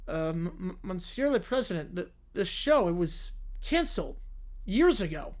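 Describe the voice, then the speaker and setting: A woman's voice: on the low side, very animated, moderate pace, pitched below the performer's own voice. A woman voicing a nervous male French official with a put-on French accent. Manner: stammering, nervous.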